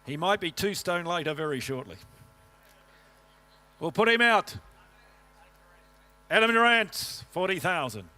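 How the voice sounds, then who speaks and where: Fast-chanting auctioneer, high bright voice. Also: male voice, lively intonation. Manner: rhythmic rolling bid calls, joking asides to bidders.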